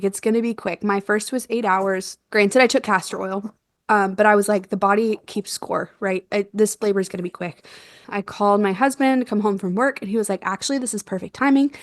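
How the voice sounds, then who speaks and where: Animated young woman telling a birth story. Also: mid-range voice, no room sound, studio quality. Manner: animated, laughs often, acts out quoted dialogue. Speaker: podcast guest, doula.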